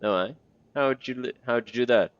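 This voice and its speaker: A man's voice: mid-range voice, fast, pitched above the performer's own voice, close to an everyday voice. A man voicing a blunt, secretive male corpse collector in a game, on a dull lo-fi recording. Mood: shady.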